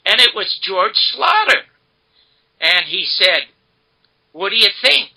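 An older man, a guest in an interview, retelling a story emphatically and dramatically in a gravelly, husky voice. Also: high voice, animated, slow pace, pauses often, sharp tone, rough recording. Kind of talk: animated storytelling.

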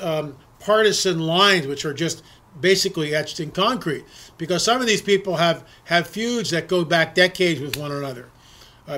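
Emphatic high-pitched male political commentator. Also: a bit bright. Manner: emphatic, repeats words when pressing a point. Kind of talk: opinionated political monologue.

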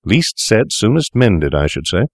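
A man's voice: lowish voice, big pitch swings, a little slow, no echo, clean studio sound, pitched above the performer's own voice, full character voice. A man voicing a clever, unscrupulous young doctor who speaks coolly and sneers at scruples. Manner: cool, sneering, worldly.

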